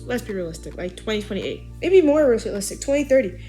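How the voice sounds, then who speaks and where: A young woman talking through her reactions to a fantasy book in a dramatic, expressive way, swearing freely. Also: mid-range voice, quick pace. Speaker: book vlogger. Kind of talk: casual reaction vlog. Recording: roomy echo with background music.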